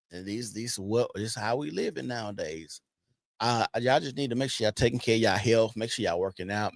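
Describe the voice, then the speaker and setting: A man's voice: medium pitch, no room sound, clean studio sound. A man hosting a casual podcast, talking loosely and profanely and laughing often. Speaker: podcast host.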